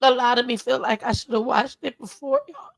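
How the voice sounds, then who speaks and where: A woman's voice: on the high side, fairly even intonation, fairly quick, gravelly, no echo. A woman hosting a livestream, talking heartfelt and close to tears as she thanks her viewers, calling them y'all and baby. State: emotional, close to crying. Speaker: livestream host. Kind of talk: emotional casual livestream talk to viewers.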